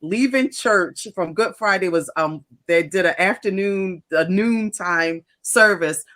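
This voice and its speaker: Animated woman telling a story. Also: lowish voice, unhurried. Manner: animated storyteller, laughs often. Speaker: co-host. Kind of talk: casual chat.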